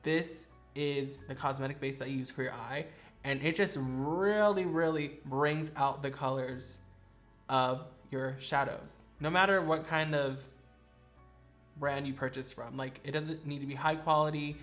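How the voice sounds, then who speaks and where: A man's voice: medium pitch, measured pace, a bit bright, soft background music. A man who performs in drag, chatting sassily and playfully about favorite makeup products in a studio vlog. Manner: sassy, chatty, playfully dramatic.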